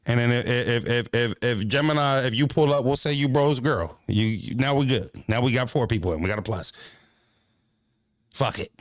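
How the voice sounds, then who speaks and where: A man's voice: mid-range voice, moderate pace, no echo, studio quality. A man streaming casually as a battle-rap commentator, talking in a brash, profane, rambling way and repeating himself.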